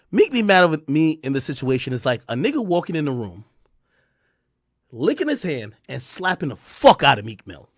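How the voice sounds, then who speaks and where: A man giving a profane, mocking ranting commentary, animated throughout. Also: on the high side, no room sound, clean studio sound. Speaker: online commentator.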